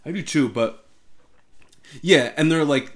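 A man casually telling a story and chatting on a podcast, animated, says "like" constantly and swears a lot. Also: on the high side, a little slow.

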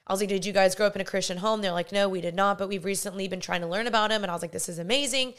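Earnest young woman with a smooth voice. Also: medium pitch, fairly even intonation, rapid-fire, fairly bright tone. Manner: earnest, rambling, with many fillers and restarts. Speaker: podcast host. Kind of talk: casual faith storytelling.

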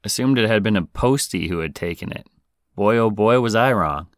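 A man's voice: fairly low pitch, normal speed, dry recording, studio quality. A man hosting a podcast, reading out a listener's confession in a playful, casual way. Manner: playful, breaks into singing. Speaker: podcast host.

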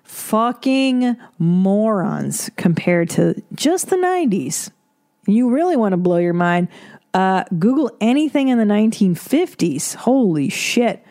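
A woman's voice: medium pitch, big pitch swings, unhurried, dark tone. A woman hosting an advice podcast, talking bluntly in a casual monologue, swearing freely and laughing between points. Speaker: podcast host giving advice.

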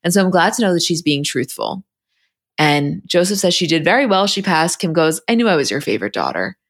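A woman's voice: on the low side, big pitch swings, brisk. A woman co-hosting a podcast, bluntly retelling a reality show episode in casual chat. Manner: retells scenes quoting the cast, blunt. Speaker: podcast co-host.

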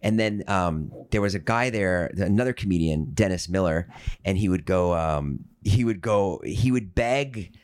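A man, a podcast guest, telling stories in casual chat and jumping into voices of the people he quotes. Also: moderate pace. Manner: animated storyteller who does high-pitched voices of people he quotes.

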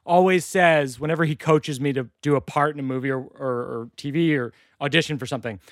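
Man, slightly high voice, dry close mic, casual comedy podcast talk, halting restarts. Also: no echo. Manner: quick, halting restarts, playful impressions. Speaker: podcast host. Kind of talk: casual chat about comedy.

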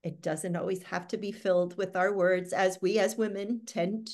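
A woman at mid pitch talks gently as a podcast host. She speaks slowly and leaves room for pauses. The tone is thoughtful and conversational. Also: steady tone. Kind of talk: conversational interview.

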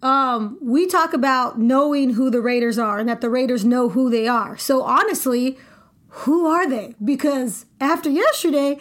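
A woman's voice: high voice, normal speed, fairly bright tone. A woman hosting a sports podcast, asking questions in a playful, teasing way. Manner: playful, questioning, laughs easily. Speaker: podcast host. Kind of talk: casual sports podcast chat.

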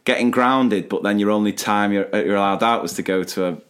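A man's voice: lowish voice, brisk, fairly bright tone. A man in his forties co-hosting a podcast in casual chat, reminiscing and laughing often. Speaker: podcast co-host.

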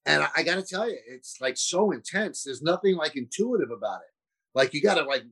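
A man's voice: a little high, lively intonation, brisk, vocal fry, fairly bright tone, husky, low-quality recording. Chatty self-deprecating male broadcaster guest. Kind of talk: casual interview chat.

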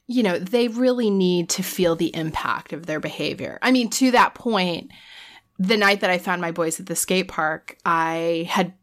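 A woman's voice: lowish voice, fairly bright tone. A woman who is a parent of teenagers, chatting candidly and exasperated, laughing at herself now and then. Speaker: parent of teens. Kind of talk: casual chat.

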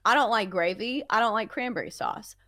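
A woman's voice: on the high side, fairly quick, sharp tone. A woman hosting a sports talk show, chatting playfully and steering the segment. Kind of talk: casual sports radio chat.

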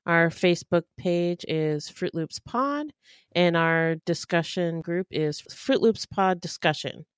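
Calm, smooth-voiced woman co-host. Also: fairly low pitch, no room sound, studio quality. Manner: calm and measured, giving practical advice. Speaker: podcast co-host. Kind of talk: casual true-crime podcast chat.

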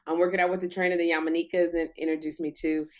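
Talking very fast in a fairly low voice, a middle-aged woman hosts a talk show with lively, casual chat. She acts out the voices in her anecdotes and hasn't quite caught her breath.

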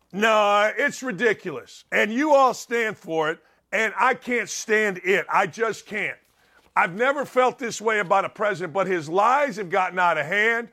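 A man hosting a sports talk show, delivering a sarcastic, heated commentary rant with bursts of shouting. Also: very high voice.

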